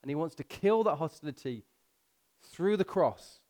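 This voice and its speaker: A pastor preaching a sermon, pushing his voice up for emphasis and slowing down to read scripture. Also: a little high, expressive, darkish tone.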